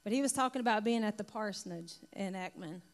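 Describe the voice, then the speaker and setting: A woman's voice: mid-range voice, fast talker. A woman pastor sharing her testimony conversationally, reading from typed notes. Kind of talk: sermon testimony.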